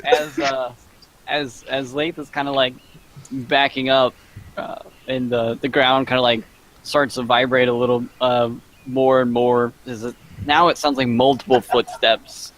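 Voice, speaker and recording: A man narrating as dungeon master for a tabletop game, halting with many fillers. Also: mid-range voice, level tone, fairly bright tone, rough recording.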